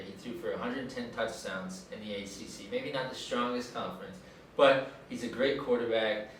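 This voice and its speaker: A man's voice: fairly low pitch, a bit bright, slight background noise. A young man co-hosting casual sports talk, easygoing and plainspoken, recorded from a distance in a room. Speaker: co-host. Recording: echoey room, mic far off.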